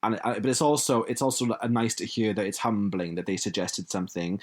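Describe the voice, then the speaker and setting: A man's voice: on the low side, steady tone, brisk. A man hosting a podcast, chatting enthusiastically and laughing often. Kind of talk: casual chat.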